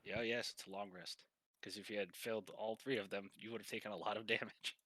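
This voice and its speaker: A man's voice: on the low side, steady tone, quick pace, a bit bright, dry recording. A man narrating as game master of a tabletop game, joking and swearing freely.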